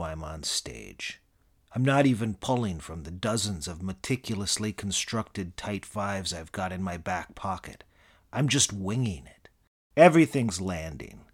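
Brief: middle-aged male comic narrator, deadpan, self-aggrandizing, lowish pitch. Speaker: comedic narrator. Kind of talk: scripted comedic narration.

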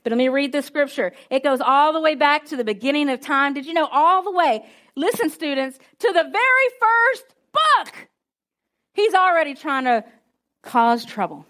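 A woman's voice: high-pitched, moderate pace, a bit bright. A woman preacher giving a conversational, emphatic sermon to students, with call-and-response.

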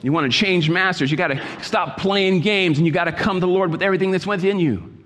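A high-voiced man preaches a sermon to his church. He exhorts and repeats his lines, dropping to quiet asides and then rising to loud calls. His voice rings with a long echo in a hall. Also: quick pace. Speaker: pastor.

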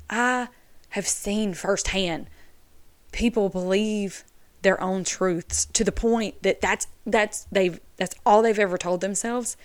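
A woman hosting a solo podcast, talking earnestly and casually to her listeners. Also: mid-range voice. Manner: earnest, chatty, addresses listeners as y'all. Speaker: podcast host.

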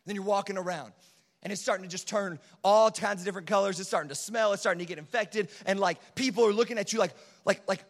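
High-voiced animated youth preacher in a hall. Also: male voice, fast. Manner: animated storytelling, acts out quotes, repeats phrases. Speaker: youth pastor. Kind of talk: sermon. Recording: long hall reverb.

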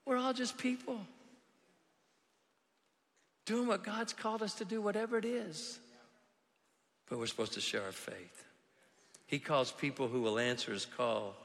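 A man preaching a sermon as a pastor, telling stories and swinging from quiet asides to shouted emphasis. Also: on the high side, long reverb tail. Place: large church hall.

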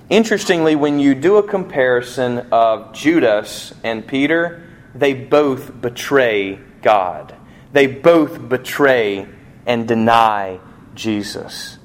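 A man preaching a sermon in a conversational way, asking rhetorical questions and acting out quoted lines, slowing down to stress key points. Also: medium pitch. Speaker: pastor.

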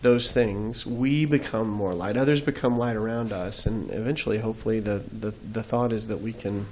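A man's voice: lowish voice, moderate pace, darkish tone, slight background noise. A man, a guest on an interview show, telling his faith story in an earnest, reflective way.

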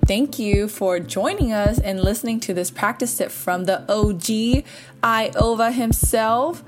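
A woman's voice: fairly high pitch, a little slow, over music. A woman hosting a podcast, introducing and wrapping up a segment in a friendly, informal way. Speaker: podcast host.

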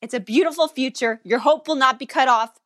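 A woman's voice: high voice, brisk, fairly bright tone, dry recording, clean studio sound. A woman preaching and praying fervently, with repeated declarations and prophetic words to listeners.

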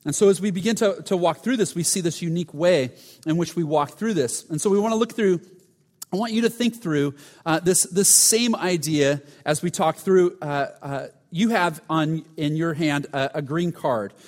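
Storytelling preacher in a reverberant hall. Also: male voice, fairly high pitch, moderate pace. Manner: storytelling, drops to a hush for dramatic moments, frequent restarts. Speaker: pastor. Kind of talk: sermon.

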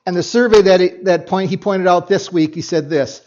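A man's voice: sits high, moderate pace, hardly any pauses, a little mellow. A man preaching a sermon as pastor, reading scripture and making emphatic points with repeats and asides to the congregation. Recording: dull lo-fi recording.

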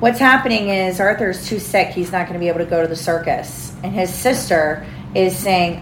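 A mother reading a storybook aloud to her children at home, pausing to ask them questions. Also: on the low side, reverberant, noisy background. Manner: pauses to quiz the children.

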